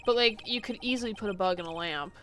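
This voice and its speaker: A woman's voice: mid-range voice, fast talker. A woman streaming a game, chatting casually, laughing and reading game text aloud. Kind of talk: casual let's-play chat. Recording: live stream with game music under.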